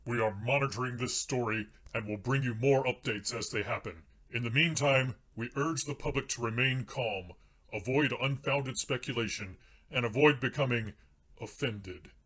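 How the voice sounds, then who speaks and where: Comedy sketch: man doing a stiff, deadpan newsman, mid-pitched and formal. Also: moderate pace, slightly rough. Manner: formal, deadpan newsreader delivery. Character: pompous male TV news anchor. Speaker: news anchor.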